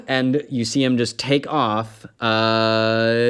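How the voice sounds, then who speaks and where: A man's voice: lowish voice, moderate pace, few pauses, a bit bright, clean tone. Guy dming a tabletop game, loose and chatty, lots of ums and laughs. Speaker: dungeon master.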